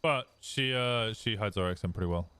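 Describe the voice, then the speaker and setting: Young English streamer, Midlands accent, smooth and clear, relaxed conversational delivery. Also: male voice, lowish voice, normal speed, no echo. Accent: English Midlands, fairly posh. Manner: relaxed, rambling, reads chat aloud and answers. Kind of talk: casual chat with viewers.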